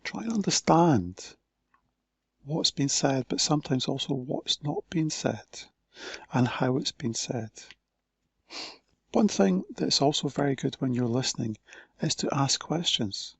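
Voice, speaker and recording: Slow, gravelly-voiced man giving a talk. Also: medium pitch, expressive, no echo. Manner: slow, deliberate, with pauses between phrases. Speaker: conference speaker. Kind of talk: recorded conference talk.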